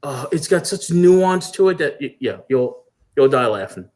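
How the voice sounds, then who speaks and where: A man's voice: on the high side, moderate pace. A man animatedly recounting a show in casual livestream chat over a video call. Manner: animated storyteller. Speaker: panel guest.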